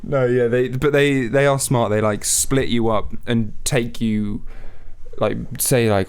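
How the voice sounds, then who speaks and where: A man's voice: mid-range voice, steady tone, a little slow, clear, resonant tone. A man in his twenties, co-hosting a casual chat podcast with lots of laughing and swearing. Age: 20s. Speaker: podcast co-host.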